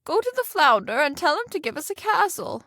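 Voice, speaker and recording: A bossy, insistent fisherman's wife, put on by a woman reading a storybook, pitched high and pushing hard for more. She sounds close and dry. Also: very animated, brisk, bright, forceful tone, no room sound, full character voice. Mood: demanding. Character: greedy demanding fisherman's wife.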